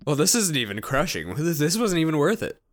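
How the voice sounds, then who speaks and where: A man's voice: on the high side, big pitch swings, a little fast, dry recording, studio quality. A man co-hosting a casual podcast, joking and bantering. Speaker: podcast co-host. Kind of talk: casual chat.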